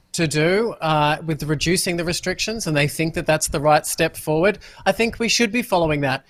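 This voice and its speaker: A man on a news panel giving his view in a measured, slightly hesitant way. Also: on the high side, fairly bright tone. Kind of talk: opinion commentary.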